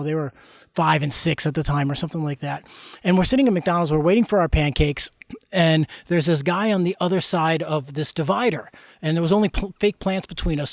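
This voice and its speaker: A man's voice: a little high, no echo, studio quality. A middle-aged man giving an emphatic motivational talk as a life coach, full of rhetorical questions.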